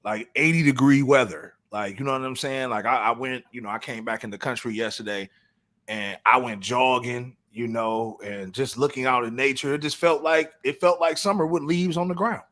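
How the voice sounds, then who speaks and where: A man's voice: medium pitch, fairly even intonation, moderate pace, a bit bright. Laid-back streetwise male podcast host. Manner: laid-back, streetwise slang, frequent restarts. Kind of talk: casual podcast chat.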